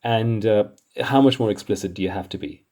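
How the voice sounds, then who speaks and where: A man talks through comic books in a casual commentary, his low voice dark and mellow. He sounds exasperated and chuckles often as he goes. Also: brisk.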